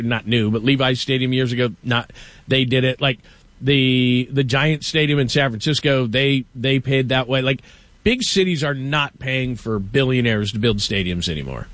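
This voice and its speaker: Male sports-talk host, middle-aged, from Los Angeles, animated and emphatic, dry close mic. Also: medium pitch, moderate pace, no room sound. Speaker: show host.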